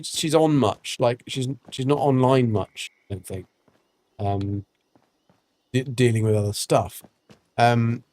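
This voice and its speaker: Casual gaming streamer, mid pitch, chatty and meandering, dry recording. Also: male voice, darkish tone, dry recording. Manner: chatty, rambling, many ums and restarts. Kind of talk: casual gameplay commentary.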